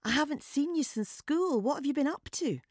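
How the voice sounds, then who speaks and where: A woman voicing a blunt, streetwise, friendly woman in a read-aloud story; the voice is high, bright and loud. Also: expressive, a little fast, no room sound, studio quality. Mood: cheery.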